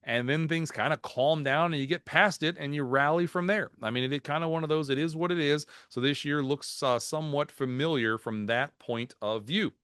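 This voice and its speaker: A man presenting a market outlook over slides in a video webinar, folksy and animated, dropping jokes and anecdotes. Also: fairly high pitch, moderate pace, few pauses, smooth, no room sound, clean studio sound. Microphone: video call.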